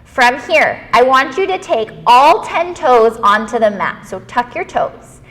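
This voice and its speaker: A woman leading a children's yoga class, gentle and playful, encouraging the kids and making animal noises. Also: a little high, expressive, measured pace, in a large hall.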